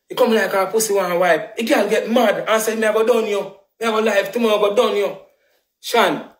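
A man's voice: fairly high pitch, roomy sound. A man with a Jamaican patois accent, ranting heatedly on a live stream, repeating himself with emphatic swearing. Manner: animated, repetitive, emphatic patois rant with swearing.

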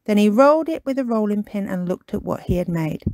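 A woman reading a children's picture book aloud in an expressive, animated way as a storytime host. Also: medium pitch, brisk, no room sound. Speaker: storytime reader.

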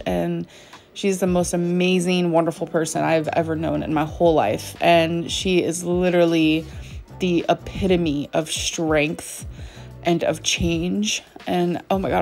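A woman in her thirties talks to her vlog audience from home in a relaxed, rambling way, dotting her sentences with fillers. She speaks very slowly in a slightly low voice. Soft music plays faintly underneath. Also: vocal fry. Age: 30s. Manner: unhurried, chatty, many fillers like "um" and "like". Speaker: vlogger. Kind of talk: casual vlog chat.

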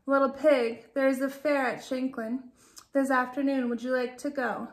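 A woman voicing a sly, scheming male wolf in a children's storybook, coaxing and deliberate. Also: sits high, flat delivery, echoey room, natural voice.

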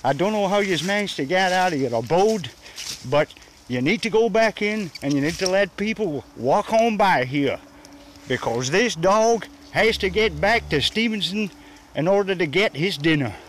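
A man from Scotland with a high voice films himself on a country walk. He keeps up playful mock-cowboy commentary and scolds his dog and the beasts along the way. A faint hiss of outdoor noise sits under his voice. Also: expressive, normal speed, a bit bright, rough recording. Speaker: vlogger. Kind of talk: walking vlog commentary. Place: outdoors on a rural path.

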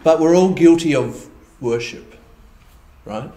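A man preaching a conversational sermon, with animated asides in which he voices imagined reactions. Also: on the high side, slow pace, reverberant, low-quality recording. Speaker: pastor. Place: church hall.

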